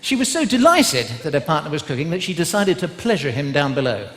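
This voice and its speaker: His voice is a little high, with big swings in pitch and a brisk pace. The West Country Englishman teases a live theatre audience with tag questions during his stand-up, recorded in the hall with the crowd laughing.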